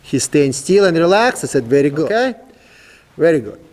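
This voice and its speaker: A man training a young horse, giving calm, coaxing commands and explaining each step in simple, broken English. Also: fairly high pitch, normal speed, big-room sound. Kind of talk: instructional demonstration.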